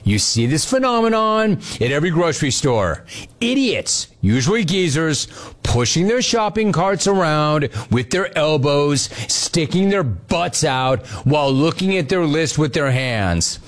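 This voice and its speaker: A man's voice: on the high side, sing-song, unhurried. A man hosting a call-in talk show, teasing listeners and reading their messages aloud in casual banter. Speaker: radio talk show host.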